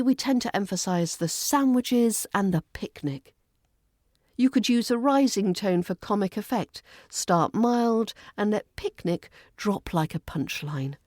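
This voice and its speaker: Slow, playful British RP accent coach. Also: female voice, mid-range voice, darkish tone, no room sound, clean studio sound. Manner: playful, demonstrating phrases with exaggerated intonation. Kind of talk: scripted pronunciation lesson.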